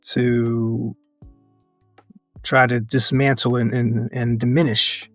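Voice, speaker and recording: An earnest man speaking as an interview guest, his voice sitting at a middle pitch for a man. He thinks aloud in measured, restarting phrases and breaks into laughter often. The sound is dry and close, with faint music under it. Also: flat delivery, a bit bright, dry recording. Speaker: podcast guest, educator and activist. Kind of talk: reflective interview conversation.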